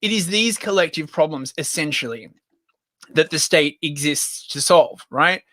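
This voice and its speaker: A man's voice: a little high, animated, measured pace, sharp tone, no echo. Guy rambling on a podcast, jokey, dry close mic sound. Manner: rambling, jokey, does silly voices. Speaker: podcast co-host. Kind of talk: casual podcast chat.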